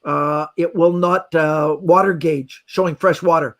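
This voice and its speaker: High-voiced man telling a lively story. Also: measured pace. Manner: lively anecdotal telling with acted-out quotes. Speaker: magician guest. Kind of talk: animated storytelling.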